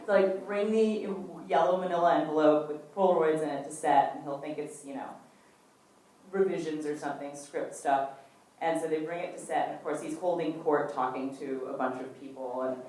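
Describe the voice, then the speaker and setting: A low-pitched woman spins a chatty story for fans, slipping into the voices of the people she quotes. She was recorded from far back in an echoey hall, with a faint hiss underneath. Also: steady tone, moderate pace, mellow. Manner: chatty, acts out quoted dialogue with fillers. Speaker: actress answering fan questions. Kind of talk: casual anecdote telling at a fan Q&A. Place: event hall before an audience.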